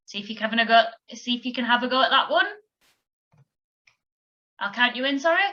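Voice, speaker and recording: A woman's voice: high-pitched, very animated, moderate pace, pauses often, pushed and bright. A woman teaching a children's music lesson on video, patient and encouraging as she counts the pupils in. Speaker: primary school music teacher. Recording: slightly dull lo-fi recording.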